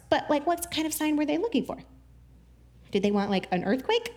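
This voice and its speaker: A woman giving a casual, chatty Bible teaching, animated, with many "like" fillers and frequent laughs. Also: high voice, fairly quick.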